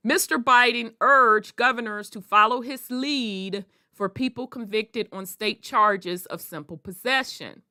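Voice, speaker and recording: Woman talk host, bright tone, lively and laughing, casual swearing, slightly high voice. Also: unhurried, hardly any pauses, clean tone, no room sound, clean studio sound. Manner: animated storyteller, laughs often, swears casually. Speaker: podcast host. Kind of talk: casual chat and news reading.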